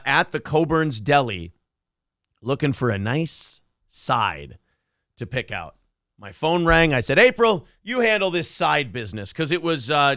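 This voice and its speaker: A gravelly, bright man hosts a morning show. He jokes crudely and swears freely in loose banter. The sound is dry and close. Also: medium pitch, no room sound. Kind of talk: casual radio show banter.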